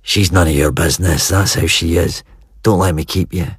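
A man voicing a gruff, cold middle-aged family head in an audiobook, speaking in blunt, clipped, disdainful lines. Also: sits low, normal speed, no echo, clean studio sound, exaggerated voice. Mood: cold, scornful. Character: gruff middle-aged Scottish clan patriarch, cold and contemptuous. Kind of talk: audiobook character voice.

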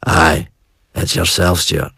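A contemptuous middle-aged patriarch, as a male reader puts him on, speaking in short, blunt jabs. The voice sits very low and a little husky. It is recorded dry and close, like a studio audiobook. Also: steady tone, takes it slowly, pushed and bright, dry recording, heavily acted. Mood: cold, scornful. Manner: blunt, clipped and disdainful. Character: gruff middle-aged Scottish clan patriarch, cold and contemptuous. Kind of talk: audiobook character voice.

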